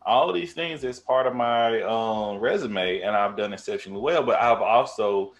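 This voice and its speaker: A man with a deep voice telling stories in casual podcast chat, swearing freely and restarting his sentences often. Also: normal speed. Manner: casual, profane storytelling with many restarts.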